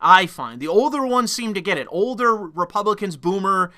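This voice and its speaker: Man, solo commentary rant, blunt and profane, bright forceful voice. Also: high-pitched, expressive, moderate pace. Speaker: political commentator.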